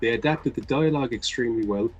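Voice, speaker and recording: A man's voice: mid-range voice, fast, muffled recording, soft background music. A man co-hosting a casual review podcast, earnest and argumentative, cursing when he defends his point. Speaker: podcast co-host. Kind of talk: casual chat.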